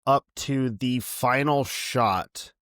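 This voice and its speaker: A man co-hosting a film podcast in casual chat, animated and laughing often, talking in long run-on thoughts. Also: mid-range voice, drawn-out words, no echo, clean studio sound. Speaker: podcast co-host.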